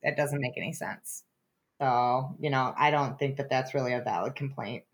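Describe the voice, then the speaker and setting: A woman co-hosting a casual book chat, animated and laughing often. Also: rumbling low, normal speed. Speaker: book podcast co-host.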